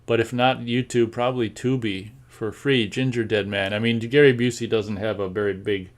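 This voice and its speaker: A man's voice: lowish voice, fairly even intonation, normal speed. A man with a General American accent hosting a casual live show, reading chat comments and rambling with many fillers and repeated words.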